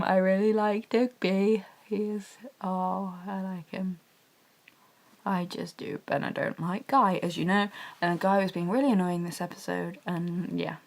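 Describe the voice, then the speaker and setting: A young woman gushing about a TV drama in a rambling, chatty fan vlog, talking quietly from her bedroom. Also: medium pitch, gravelly. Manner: speaking quietly. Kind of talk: casual TV review vlog. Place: bedroom at home.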